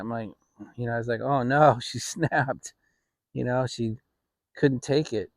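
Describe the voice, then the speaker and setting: A middle-aged man hosting his own channel, telling a family story in a relaxed, rambling way with frequent restarts. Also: mid-range voice, moderate pace, long pauses, no room sound. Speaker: channel host. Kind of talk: casual storytelling. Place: home, relaxed fireside setting.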